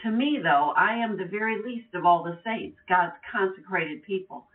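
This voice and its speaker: A woman reads Bible verses aloud, careful and deliberate. She sounds distant from the mic, and the audio is narrow and tinny, like a phone call. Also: medium pitch, lively intonation. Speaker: Bible teacher. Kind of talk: reading scripture aloud.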